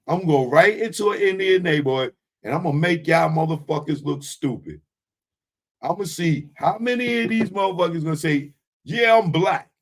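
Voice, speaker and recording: Heated, profane man ranting on a live show. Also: a little high. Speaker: commentary show host. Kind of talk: live current-events commentary.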